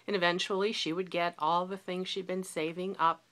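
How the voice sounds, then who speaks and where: A woman's voice: lowish voice, flat delivery, brisk, a bit bright. A woman in her forties talking candidly in a reflective personal video diary. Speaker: vlogger.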